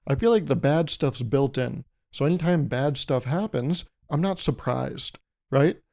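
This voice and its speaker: A man's voice: mid-range voice, animated, measured pace, gravelly, warm tone. A man hosting a solo podcast, rambling through jokey analogies and laughing at his own jokes. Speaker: podcast host. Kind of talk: solo comedic podcast monologue.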